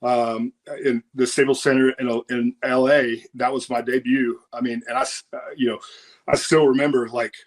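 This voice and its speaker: Man guest, mid voice, animated storyteller. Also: mid-range voice, normal speed. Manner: animated storyteller, acts out quotes. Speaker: wrestler guest. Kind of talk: interview anecdote.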